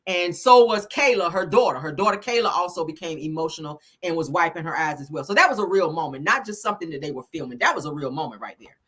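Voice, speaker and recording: A woman's voice: deep voice, lively intonation, fast talker, few pauses, fairly bright tone, husky. A woman hosting a casual live recap for viewers, telling the story in a chatty way and checking in with her listeners as she goes. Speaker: show recap host.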